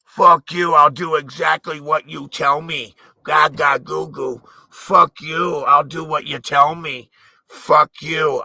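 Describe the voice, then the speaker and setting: Brief: man voicing a sneering self-loathing sellout caricature, high and shrill, with a rough fry. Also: no room sound, exaggerated voice. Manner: mocking, escalating to shouting. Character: whiny self-loathing male sellout, mocked.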